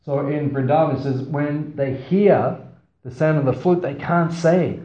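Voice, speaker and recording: A man's voice: a little high, a little slow, dark tone. Man teaching scripture in a roomy hall. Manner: storytelling, asks the audience questions, playful asides. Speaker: class speaker on scripture. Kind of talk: scripture class talk. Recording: roomy, slightly dull sound.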